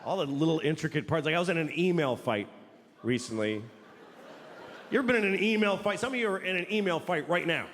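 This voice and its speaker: A male stand-up comic rants with a blunt, profane edge, and his pitch jumps around a lot as he mocks the people he quotes. His voice sits a little high for a man. A long hall reverb carries it, with faint room sound underneath. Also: expressive, quick pace, a bit bright, slight background noise. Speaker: stand-up comedian. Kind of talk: stand-up comedy routine. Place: large hall with an audience.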